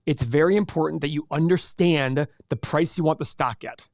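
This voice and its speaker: A man hosting a live investing class, explaining options with an energetic, animated sales-pitch manner. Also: moderate pace, no echo, clean studio sound. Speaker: host teaching an investing class. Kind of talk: live webinar teaching.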